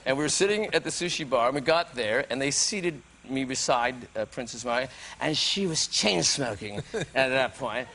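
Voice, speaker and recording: Animated man telling a comic story. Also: medium pitch. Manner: animated, playful, quick asides. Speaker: talk show guest. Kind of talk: comic anecdote.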